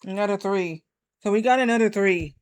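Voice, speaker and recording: A man's voice: high voice, a little fast, a little hiss or hum. A man livestreaming a game, chatting casually and rambling through a story with many restarts. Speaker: streamer. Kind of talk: casual livestream chat while gaming.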